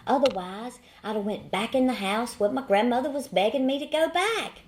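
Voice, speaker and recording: Her voice fairly high and expressive, a Southern American woman in her forties shares her recovery testimony as an AA speaker at a normal speed, with slight background noise. The telling is folksy and humorous, full of repeated phrases and dry jokes.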